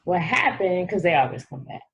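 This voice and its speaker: A woman's voice: on the low side, lively intonation, moderate pace, breathy edge. A woman co-hosting a casual dating talk show, chatty and giggly. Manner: chatty and giggly, full of fillers. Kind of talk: casual chat.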